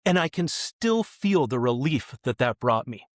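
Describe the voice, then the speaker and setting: Animated middle-aged man telling stories. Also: medium pitch, a little slow, no echo, studio quality. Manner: animated, acts out quoted voices. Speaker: kids ministry guest. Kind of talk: podcast interview storytelling.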